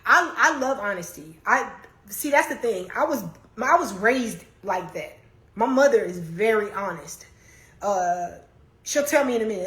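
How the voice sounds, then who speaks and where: A woman's voice: medium pitch, animated, unhurried, a bit bright, roomy sound. A young woman hosting a casual livestream, talking candidly and laughing often as she answers comments. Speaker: livestream host. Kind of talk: casual chat, reading comments. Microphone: phone.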